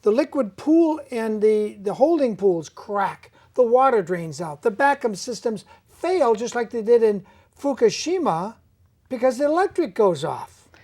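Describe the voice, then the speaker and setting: A woman hosting an interview in casual chat, animated and talking through long what-if scenarios. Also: a little high, measured pace.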